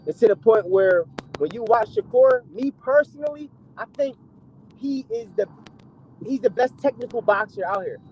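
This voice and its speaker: A man calling into a show, talking fast and eagerly in slang about a boxer he admires. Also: very high voice, animated, lo-fi sound, slight background noise. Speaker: caller. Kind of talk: casual call-in chat.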